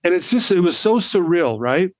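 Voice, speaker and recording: A man in his fifties, a podcast guest with a high voice, tells a personal story animatedly at a moderate pace, acting out the people in it. There's no room sound.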